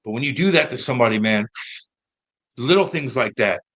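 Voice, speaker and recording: Bright-voiced animated former hockey player. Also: male voice, mid-range voice, a little fast. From St. Louis, United States. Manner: animated, profane, acts out quoted voices. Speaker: former pro hockey player, interview guest. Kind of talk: casual storytelling interview.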